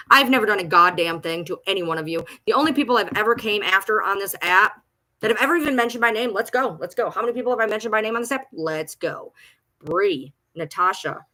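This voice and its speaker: A woman's voice: mid-range voice, bright, forceful tone. Agitated woman ranting on a livestream. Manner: agitated, profane, repetitive. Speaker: TikTok creator. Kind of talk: livestream rant. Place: at home.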